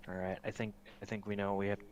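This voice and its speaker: Male player, lowish voice, offhand, soft typing noise behind. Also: level tone, racing. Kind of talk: casual chat at the table.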